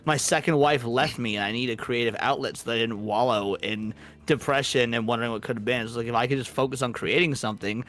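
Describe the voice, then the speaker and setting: A man's voice: mid-range voice, fast talker, hardly any pauses, a bit bright. Candid male YouTuber guest. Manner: candid, self-mocking storyteller. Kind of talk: casual podcast chat.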